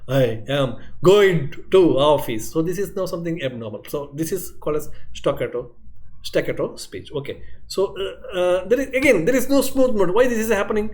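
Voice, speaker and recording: A man's voice: high-pitched, fairly quick, a little mellow. A man giving a medical lecture, explaining step by step and often checking in with "okay" and "isn't it". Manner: explanatory, repeats points, frequent "okay" and "isn't it". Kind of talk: classroom lecture.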